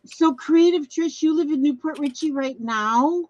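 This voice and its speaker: An older woman hosting a craft livestream, rambling cheerfully through viewer comments and often restarting her sentences. She talks fairly high and is recorded close and dry, with a slightly muffled sound. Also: unhurried, darkish tone, no echo. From Minnesota, US. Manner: chatty, reads viewer comments aloud, trails off and restarts. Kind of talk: casual livestream chat.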